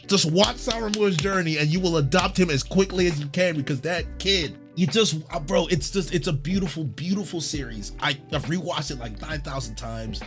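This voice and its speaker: A man hosting a casual podcast chat, animated and emphatic, swinging between hushed and shouting. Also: fairly high pitch, brisk, hardly any pauses, music in the background. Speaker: podcast host.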